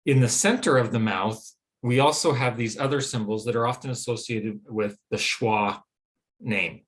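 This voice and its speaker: A man's voice: mid-range voice, normal speed. Western American man explaining vowel sounds. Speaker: teacher. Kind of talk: phonetics lecture.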